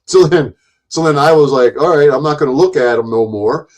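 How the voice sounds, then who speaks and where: Rambling and profane, a man briskly tells a long, casual story, frequently getting louder and higher as he performs quoted lines.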